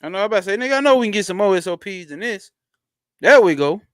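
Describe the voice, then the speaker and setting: A man hosting a casual livestream from home into a close mic, using loose, slangy street talk and a lot of swearing. He greets viewers by name and gets excited fast. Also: smooth, no room sound. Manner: swearing, excitable, jumps up in pitch when hyped. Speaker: livestream host.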